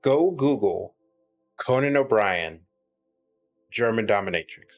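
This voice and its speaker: A man's voice: lowish voice, expressive, slow, faint music behind. A man chatting casually as a podcast guest, rambling and restarting his sentences often. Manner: rambling, frequent restarts and filler words. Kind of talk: casual chat.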